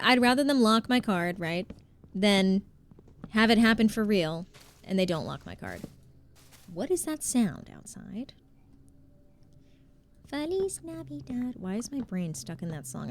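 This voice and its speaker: A woman livestreaming a game, chatting casually, laughing often and greeting her chat. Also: mid-range voice. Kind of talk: casual gaming stream chat.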